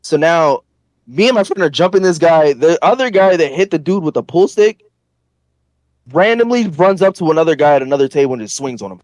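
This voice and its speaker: A man from northern Florida, a podcast guest telling a rambling, profane, animated story with plenty of fillers. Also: a little high, brisk, dry recording. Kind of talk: casual storytelling.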